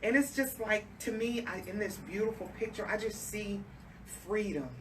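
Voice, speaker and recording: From a radio studio, a woman hosting a talk show chats interview-style, emotional and gushing, speaking directly to listeners. Her voice is medium-pitched at a normal speed, captured by a distant mic with clear background noise.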